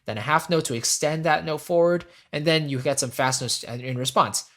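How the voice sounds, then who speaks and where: A man teaching a music theory lesson in a relaxed, casual way, pausing to hum melody lines on "da". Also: a little high. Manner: explains calmly, hums melodies on "da".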